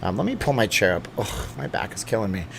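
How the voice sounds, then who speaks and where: Casting: middle-aged male host, slightly low voice, relaxed joking livestream chat read from viewer comments. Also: quick pace, gravelly, slight background noise. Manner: chatty and joking, thinks aloud with fillers and asides. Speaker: channel host answering live chat. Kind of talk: casual late-night livestream chat, reading viewer comments aloud. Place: at home.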